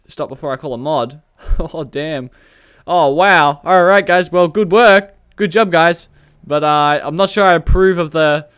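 Here the gaming video creator's voice runs a little high, with a fairly bright, clear, and resonant quality. He chats his way through police roleplay gameplay, laughing and joking often while yelling commands at suspects.

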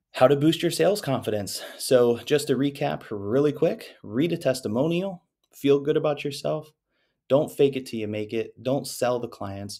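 A man with a mid-range, somewhat mellow voice speaks to camera in a casual instructional talk for salespeople. He sounds conversational, frequently adding "right?" or "you know" at the end of lines.

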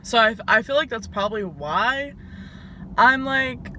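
A woman's voice: a little high, lively intonation, pushed and bright, a little hiss or hum. A woman in her twenties with a Southern US accent, chatting casually to camera in a vlog and filling her sentences with "like". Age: 20s. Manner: chatty, fills every pause with "like". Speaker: vlogger.

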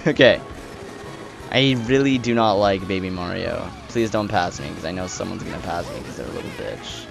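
A young man giving excited, swearing live commentary while playing a racing game, groaning and shouting at rivals. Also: low voice, moderate pace, gravelly, soft background music. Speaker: let's play gamer.

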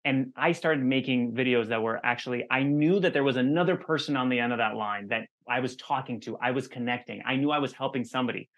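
A man hosting an interview, halting and repeating words, then growing excited. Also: medium pitch, muffled recording. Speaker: host. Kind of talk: interview conversation.

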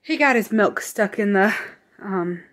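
A woman's voice: medium pitch, lively intonation, measured pace, a bit bright. Chatty rambling young woman. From American Midwest. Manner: chatty, rambling, self-correcting; whispering. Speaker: vlogger. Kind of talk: casual grocery haul chat. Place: home.

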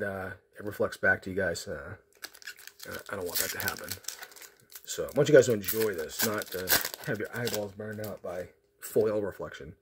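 Against a noisy background, a man with a lowish voice opens card packs for his channel. He chats in a rambling, sarcastic way, with lots of fillers and restarts, poking fun at himself as he tells stories.

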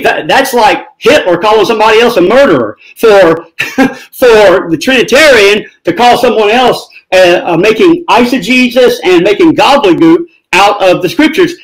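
A man's voice: sits high, expressive, moderate pace, rough recording. A man rebutting his opponent in a theological debate, dismissive and argumentative.

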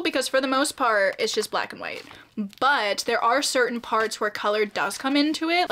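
Young female book vlogger, casual, giggly, a bit high-pitched, chatty fillers. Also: fairly bright tone. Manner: bubbly, giggly, lots of fillers. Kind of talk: casual vlog chat.

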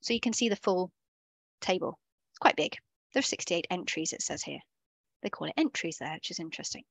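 A woman's voice: lowish voice, lively intonation, fairly quick, creaky, dry recording. A woman leading a live online coding workshop over a video call, explaining things in a chatty way and often correcting herself as she goes. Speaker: workshop instructor.

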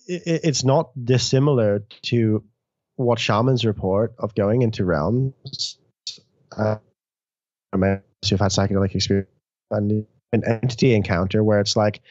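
A man's voice: on the low side, unhurried, no room sound. Man telling stories, dull audio. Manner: animated storytelling, frequent restarts, casual swearing. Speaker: guest author. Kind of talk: conversational interview.

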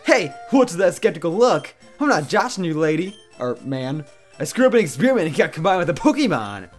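A man's voice: fairly high pitch, big pitch swings, brisk, soft background music. A man voicing a cheery young man fused with a Pokemon, reading game text aloud in a chirpy way.

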